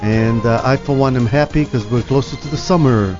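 A man's voice: mid-range voice, brisk, over music. Laid-back male radio morning host. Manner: laid-back, many fillers. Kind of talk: casual radio chat. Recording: dull lo-fi radio audio.

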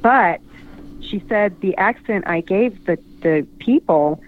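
A woman author chatting casually, often pausing to search for words. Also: medium pitch, animated. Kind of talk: casual call-in chat. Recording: tinny phone line.

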